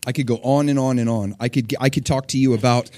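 A man preaching a sermon, retelling scripture in an animated way, swinging between hushed and loud and laughing often. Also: mid-range voice, fast, dry recording. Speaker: pastor.

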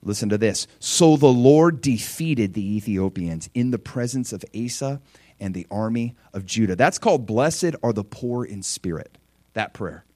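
A man preaching a sermon, lively, acting out prayers and quotes. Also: mid-range voice, moderate pace, dry recording. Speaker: pastor.

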